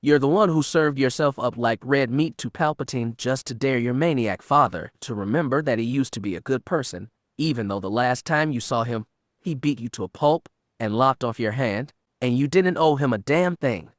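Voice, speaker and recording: A man doing a drunk, gruff middle-aged smuggler in an audiobook, his slurred drawl loud and vehement. The voice sits in an ordinary middle register and the recording is dry and close, with no room around it. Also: medium pitch, moderate pace, no echo, close to an everyday voice. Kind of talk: audiobook character reading.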